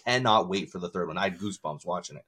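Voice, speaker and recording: A man's voice: deep voice, fast, pushed and bright, husky. A man co-hosting a podcast in easygoing casual chat, agreeing readily and chuckling often. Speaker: podcast co-host.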